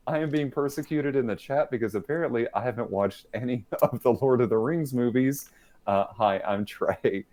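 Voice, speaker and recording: A man's voice: mid-range voice, darkish tone. A man hosting a livestreamed podcast over a video call, playful and self-mocking, laughing often as he chats. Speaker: podcast host. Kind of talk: casual livestream podcast chat.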